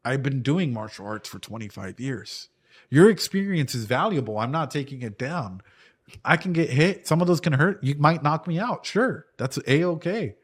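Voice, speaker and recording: A man's voice: fairly high pitch, expressive, moderate pace, husky. A man in his thirties chatting casually as a reaction streamer and martial arts coach, rambling through a long story full of "dude" and "right?" and the odd swear word. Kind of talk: casual chat reacting to anime.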